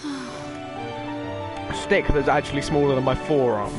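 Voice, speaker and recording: A man's voice: medium pitch, big pitch swings, slow, poor audio. A young man giving sweary, offhand let's-play commentary as a gaming streamer. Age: young adult. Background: game music.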